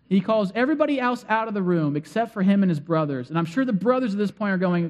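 A man's voice: high-pitched, lively intonation, quick pace, hardly any pauses, a little mellow. A man preaching a sermon and retelling a story in a conversational way, acting out the figures' lines. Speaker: pastor.

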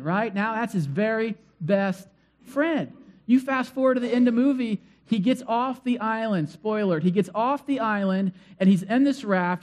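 A man preaching a sermon to his congregation, telling stories in a conversational, animated way, asking the crowd questions and repeating phrases for emphasis. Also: sits high. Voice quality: conversational, animated storytelling with acted-out cries. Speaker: pastor.

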